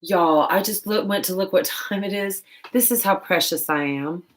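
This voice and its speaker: A woman's voice: fairly low pitch, moderate pace. A woman vlogger chatting casually while painting, rambling and laughing often.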